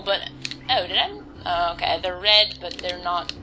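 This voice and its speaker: A woman's voice: medium pitch, very animated, takes it slowly, pauses often, bright, forceful tone, soft background music, poor audio. A woman casually commenting on a video game, rambling and self-deprecating as she reads the on-screen text aloud. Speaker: let's-play commentator.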